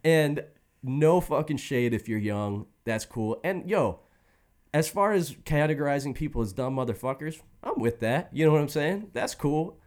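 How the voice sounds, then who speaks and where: A man telling a long story in casual chat, swearing freely and laughing often. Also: mid-range voice. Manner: profane, animated, laughs often.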